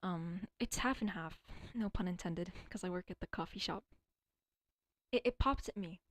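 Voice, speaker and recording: A woman's voice: on the low side, moderate pace, no room sound. Rambling young woman streamer, dry sound. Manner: rambling, swears often, sometimes stutters. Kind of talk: casual livestream chat.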